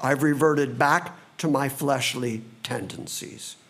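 A man preaching a sermon, reading scripture slowly and dramatically, then speeding up for asides. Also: medium pitch, fairly even intonation, a bit bright. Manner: slow and dramatic, quickening in asides.

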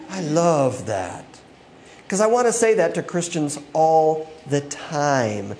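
Man, pastor, sermon, high-pitched, very lively intonation, plays out the voices he quotes. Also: slow. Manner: animated, acts out quoted voices, laughs often. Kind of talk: expository sermon.

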